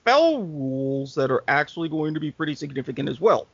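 A man co-hosting a casual sports podcast, explaining rules in a halting way with fillers, on dull, dry lo-fi audio. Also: fairly high pitch, expressive, slightly rough, no echo. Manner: halting, thinks aloud with fillers. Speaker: co-host.

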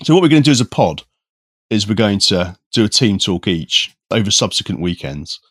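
A man's voice: fairly low pitch, fairly quick, no room sound. A man hosting a casual podcast chat, joking and laughing often as he sets up segments. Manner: jokey, animated, laughs often. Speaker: podcast host.

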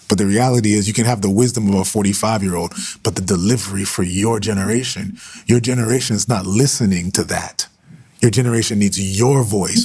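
A man's voice: on the low side, darkish tone, slightly rough. A man preaching with fervor on a livestream, driving his points home by repeating phrases. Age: adult with sons. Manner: fervent, repeating phrases for emphasis.

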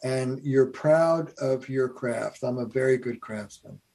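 Gravelly man telling stories thoughtfully. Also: mid-range voice, dark tone. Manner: many halting fillers and restarts. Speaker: family therapist, guest. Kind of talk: reflective conversation and storytelling.

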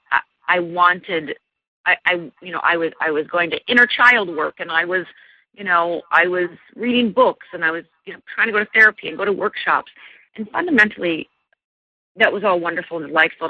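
A middle-aged woman with a gravelly edge tells her own story as an interview guest, earnest and animated, stumbling through restarts and fillers. The recording sounds dull and lo-fi, dry with no room around her. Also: lowish voice, dry recording. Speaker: guest, life coach.

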